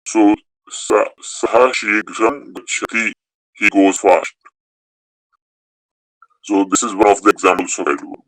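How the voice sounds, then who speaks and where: In an online class, a male language teacher fields questions, his lowish voice bright and forceful with fairly even intonation. He explains methodically and unhurriedly, restarting words and leaving long pauses. The recording is dry, close, and low quality.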